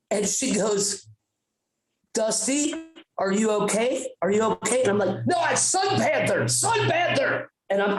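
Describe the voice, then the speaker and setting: A young man telling a comic story on a podcast, profane and rambling. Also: high-pitched. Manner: profane, rambling, animated retelling. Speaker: podcast host. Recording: roomy echo.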